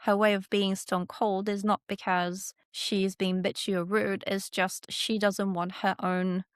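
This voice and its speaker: A woman's voice: medium pitch, level tone, measured pace, clear, resonant tone, no echo. Chatty woman podcast co-host, dry sound. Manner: chatty, rambling, many restarts. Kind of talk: casual chat.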